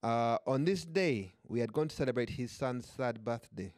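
A man's voice: mid-range voice, expressive, normal speed, darkish tone, dry recording, clean studio sound. A young man, co-hosting a podcast and reading a listener's story aloud with joking asides. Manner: laughs often, reads the story aloud with asides. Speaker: podcast co-host.

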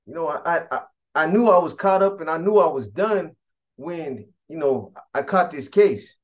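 A man quoting a defiant, profane gang boss in jail, his voice pitched up in the retelling. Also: lively intonation, normal speed, lightly acted. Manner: dismissive, swearing, defiant.

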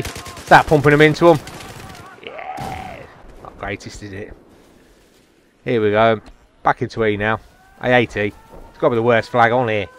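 A man's voice: medium pitch, slight background noise. A man giving jokey, chatty, self-mocking commentary over a video game. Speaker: gameplay commentator. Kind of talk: casual gameplay commentary.

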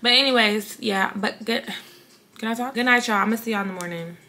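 A woman's voice: fairly high pitch, brisk, sharp tone. A young woman, chatting casually to her vlog viewers in a tired, rambling way. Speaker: vlogger.

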